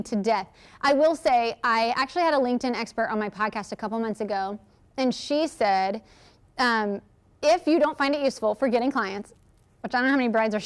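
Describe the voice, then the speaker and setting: A woman giving a lively, chatty workshop talk, answering audience questions and acting out quotes. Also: fairly high pitch. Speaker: speaker at a workshop.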